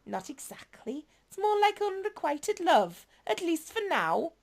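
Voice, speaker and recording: A coy, teasing female spy with a put-on Welsh lilt, pitched well above the speaker's own voice, as a woman does her. She purrs and preens, playful and lightly mocking. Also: big pitch swings, a little slow, creaky, heavily acted. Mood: dreamy. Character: flirty playful female secret agent.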